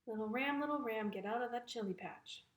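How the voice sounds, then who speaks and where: A steady burro promises to chase off the ram in a storybook tale, voiced by a woman storyteller. He sounds reassuring and slightly high, with a roomy echo. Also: brisk, natural voice.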